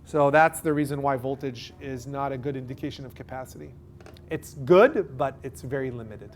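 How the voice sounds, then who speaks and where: A man with a Canadian accent giving a live seminar at a boat show, explaining with lively everyday analogies and acted-out dialogue. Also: medium pitch, moderate pace, a little hiss or hum. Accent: Canadian English. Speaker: seminar presenter.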